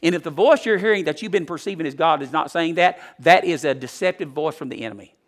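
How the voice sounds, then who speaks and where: A male preacher, giving a folksy sermon that swings from loud to hushed. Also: a little high, fast.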